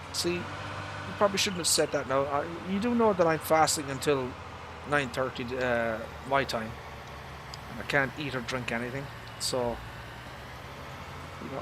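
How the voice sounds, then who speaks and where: Playing a farming game on a live stream, a man from Ireland meanders through his views and curses at on-screen mishaps. He speaks in a mid-range voice against a noisy background.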